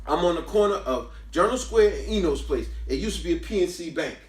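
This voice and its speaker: A lively man spins a casual story in a high, swooping voice, stopping for emphatic lectures. He is recorded from a distance in an echoing room. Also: brisk. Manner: animated, emphatic, preachy asides. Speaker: book review host. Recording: roomy, from a distance.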